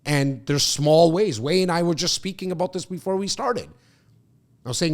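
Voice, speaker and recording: A man from Canada hosting a podcast, answering a question casually in loose, animated talk with many restarts. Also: on the high side, normal speed. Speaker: podcast host and real estate agent.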